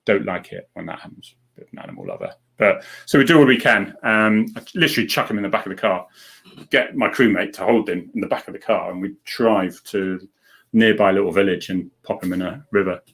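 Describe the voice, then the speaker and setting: A man's voice: sits low, lively intonation, fairly quick, vocal fry, fairly bright tone, breathy edge. A middle-aged man, a former police sergeant, hosting a live stream and chatting casually with viewers in a rambling way, full of fillers and restarts.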